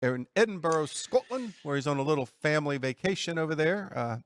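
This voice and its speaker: A man hosting a sports betting talk show from a studio, talking in a steady, methodical way. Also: a little high, fairly quick, no room sound. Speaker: host.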